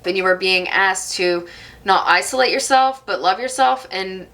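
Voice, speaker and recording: A woman giving an intuitive tarot reading straight to her viewers, gentle and affirming, with soft laughs now and then. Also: medium pitch, normal speed. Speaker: tarot reader.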